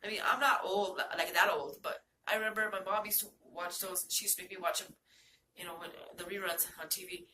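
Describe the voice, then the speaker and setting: A young woman from New Mexico rambles excitedly and profanely about her favorite movie heroines. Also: on the low side, fairly quick, background noise. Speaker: vlogger. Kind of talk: casual movie-list chat. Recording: roomy, from a distance.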